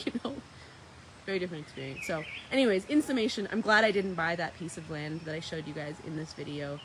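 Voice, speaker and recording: A woman's voice: on the low side, fast talker, a little hiss or hum. Chatty woman vlogging outdoors. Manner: chatty, spiritual, playfully talks to dogs. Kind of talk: casual vlog chat to viewers.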